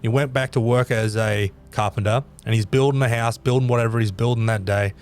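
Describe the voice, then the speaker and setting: A man's voice: mid-range voice, fairly even intonation, brisk. A man hosting a podcast, telling a story in a casual, rambling way with emphatic repeats. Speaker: podcast host.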